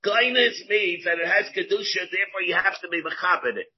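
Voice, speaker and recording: Man, rabbi, Talmud class lecture, high-pitched, husky, repeats phrases, dull lo-fi recording. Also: a little fast. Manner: rhetorical questions, repeats phrases, mixes in Hebrew terms.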